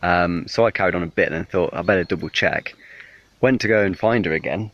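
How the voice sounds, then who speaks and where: A man's voice: sits low, fast talker. Jittery guy in a lo-fi clip. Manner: chatty, nervous, rambling. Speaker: van traveller filming himself. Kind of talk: casual vlog to camera. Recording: distant, dull lo-fi clip with music.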